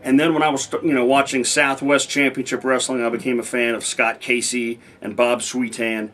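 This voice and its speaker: His pitch stays medium and barely moves, his speed normal and his tone fairly bright, as this former pro wrestler, an interview guest, spins rambling stories in a casual chat. He keeps restarting and acts out quoted exchanges.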